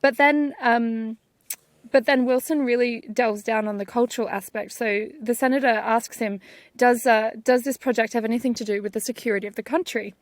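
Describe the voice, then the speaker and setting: A higher-pitched woman talks as a guest physicist, recounting history with lively animation and quick bursts of laughter. Her voice sits dry and close, with no room sound around it. She speaks in a relaxed, conversational way. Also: no echo. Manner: animated storytelling with frequent light laughs. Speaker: guest, particle physicist and author. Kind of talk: conversational interview.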